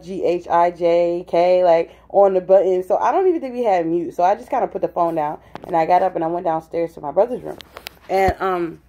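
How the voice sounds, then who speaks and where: Brief: young woman, casual storyteller, slightly low, mellow tone, chatty with filler words. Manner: animated, acts out quoted voices, many "like" fillers.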